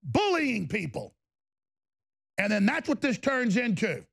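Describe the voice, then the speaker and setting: A male host delivering an angry political commentary, ranting with heavy sarcasm. His voice sits high and has a gravelly, fried edge. He talks in heated bursts. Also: big pitch swings, a little slow, a bit bright. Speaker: show host.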